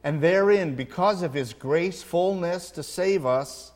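A man's voice: high voice, unhurried, darkish tone. Man preaching in a long-echo hall. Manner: earnest preaching with an anecdote, rising for emphasis. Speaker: pastor. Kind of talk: sermon.

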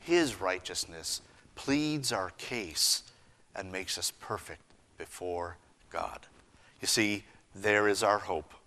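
A man preaching a sermon, earnest, swinging between raised emphasis and hushed lines. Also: deep voice, slow. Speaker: pastor.

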